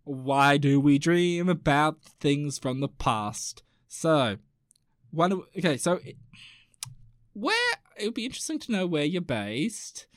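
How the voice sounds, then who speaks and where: A man hosts a casual podcast, reading listener notes and wandering off into asides full of fillers. His voice sits a touch high. The recording is dry and close, with no room sound. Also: big pitch swings, slow, dry recording. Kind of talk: casual chat.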